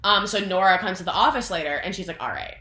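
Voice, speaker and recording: Young woman, casual chat, filler-heavy, bright tone, roomy echo. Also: mid-range voice, quick pace. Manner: animated, filler-heavy retelling with acted-out quotes. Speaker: vlogger explaining a story plot.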